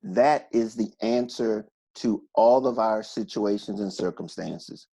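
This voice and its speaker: A man who teaches motivation and inspiration, speaking as a guest on a casual video call in a calm, earnest, reflective way. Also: on the low side, unhurried, vocal fry, breathy edge.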